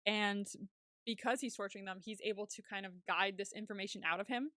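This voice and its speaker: A woman co-hosting a podcast, recapping a TV episode in casual chat, chatty and quick to laugh, with some casual swearing. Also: medium pitch, fairly even intonation, sharp tone, dry recording, clean studio sound. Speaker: podcast co-host.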